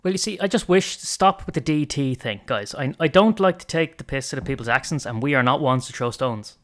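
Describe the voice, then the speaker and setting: A man from Ireland co-hosting a podcast, rambling and animated in casual chat. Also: medium pitch, fairly quick. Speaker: podcast co-host.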